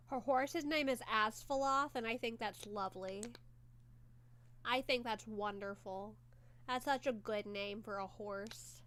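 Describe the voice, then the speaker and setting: High, bright-voiced woman streamer. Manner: chatty, excitable, swears when worked up. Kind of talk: live watchalong commentary.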